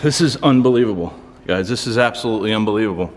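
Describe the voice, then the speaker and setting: A man's voice: on the low side, quick pace, in a large hall, a little hiss or hum. A man ghost-hunting in an abandoned nightclub, calling out to spirits, easily startled, recorded on a handheld camera. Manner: talks to unseen spirits, jumpy and excitable. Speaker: paranormal vlogger. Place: large empty abandoned nightclub. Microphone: handheld camera mic.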